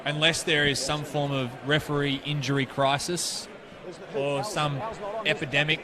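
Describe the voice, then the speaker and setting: A man's voice: a little high, little pitch movement, measured pace. A young man working as co-commentator at a local rugby league match, chatting and joking while he breaks down the play. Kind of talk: casual sports commentary. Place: commentary box at an outdoor ground. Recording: crowd noise in the background.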